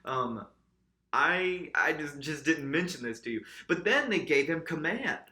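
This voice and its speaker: A man's voice: on the high side, very animated, measured pace, bright, forceful tone, roomy sound. A man co-hosting a podcast, casually and sarcastically picking apart a movie with jokes and swearing. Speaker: podcast co-host. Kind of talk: casual movie review chat.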